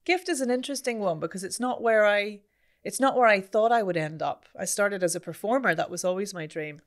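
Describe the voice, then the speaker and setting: A woman voice coach and longtime voiceover artist answering interview questions in an articulate, expressive way. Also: medium pitch, a little fast. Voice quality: practised microphone voice of a voiceover artist. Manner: articulate and expressive, with playful sound effects. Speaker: voice coach and podcast guest.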